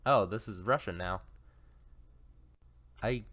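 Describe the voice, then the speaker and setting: A man's voice: on the low side, noisy background. A man casually playing a game on video, reading its text aloud in a musing way and sometimes stammering. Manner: slow, musing, occasional stammers. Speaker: let's player.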